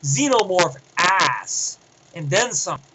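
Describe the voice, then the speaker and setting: A man giving a casual, rambling film review, excitable and profane, often restarting his sentences. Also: sits high, slow, breathy edge, rough recording.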